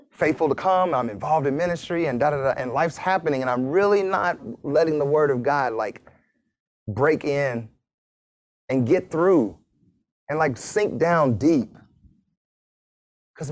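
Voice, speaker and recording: A man's voice: medium pitch, darkish tone, dry recording. A man preaching a casual sermon, reading scripture and joking with his congregation. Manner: casual, joking preaching with laughs and acted asides. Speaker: pastor.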